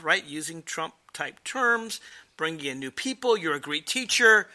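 A man's voice: on the high side, a little slow, pushed and bright. A man giving political commentary in an emphatic, sarcastic way. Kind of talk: explanatory commentary.

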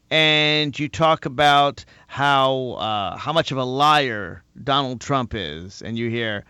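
A man hosting a political talk show, delivering an animated monologue and mocking his opponents' replies. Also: mid-range voice, slow pace, hardly any pauses, clear, resonant tone, no room sound. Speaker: host.

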